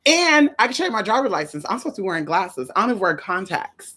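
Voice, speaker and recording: A woman hosting a casual livestream, sassy and animated, calling her viewers honey and girl while greeting them. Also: fast talker, hardly any pauses, slightly rough. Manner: swoops high for greetings and drops low for asides.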